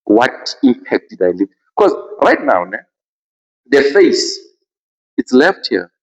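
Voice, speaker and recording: A man with a South African accent, hosting a podcast and telling a story in a casual, expressive way. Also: mid-range voice, slow, dull audio. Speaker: podcast host.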